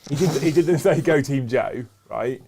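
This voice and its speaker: A man's voice: mid-range voice, unhurried, vocal fry, background noise. A man hosting a live stream, reading out chat messages and thanking viewers in an upbeat way.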